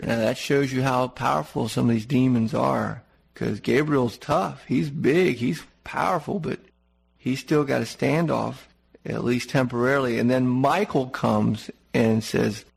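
A man delivering a folksy, conversational sermon. His voice is gravelly and a little husky, and he talks plainly to the congregation. He often stops to correct himself mid-sentence. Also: mid-range voice. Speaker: preacher.

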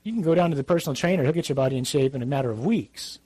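A man's voice: medium pitch, lively intonation, racing, mellow, slightly rough, no room sound. A middle-aged man, a priest, giving a conversational, emphatic sermon with asides.

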